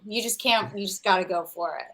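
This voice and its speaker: Bright-voiced woman with wry stories. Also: medium pitch, a little fast, rough recording. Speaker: guest, former contestant. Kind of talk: casual chat.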